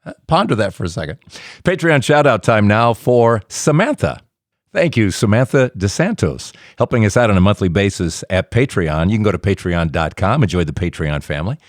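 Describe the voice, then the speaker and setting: Guy hosting a faith podcast, low voice that jumps around a lot, chatty asides. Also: brisk, no echo, studio quality. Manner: lively, folksy retelling with asides. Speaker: podcast host. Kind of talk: storytelling podcast narration.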